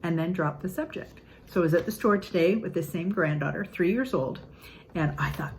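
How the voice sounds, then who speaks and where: An older woman, a grandmother, giving an earnest, upbeat casual talk on parenting, acting out quotes in lively voices. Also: on the high side, a little fast, slight background noise, low-quality recording. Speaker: parenting channel host.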